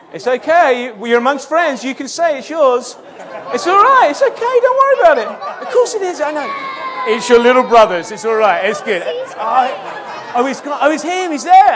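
A children's church leader talking playfully and coaxingly with a group of children in a church. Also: medium pitch.

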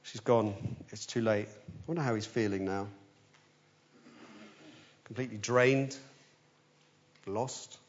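A man preaching a sermon, telling the story with animation, swinging between urgent and hushed. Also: fairly low pitch, slow pace, pauses often, highs cut off.

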